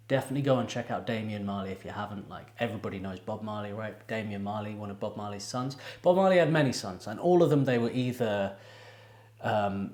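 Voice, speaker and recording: A man's voice: on the low side, darkish tone. A man hosting a music reaction video, talking casually and digressively and speaking straight to his viewers. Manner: chatty, digressive, addresses viewers directly. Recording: echoey room.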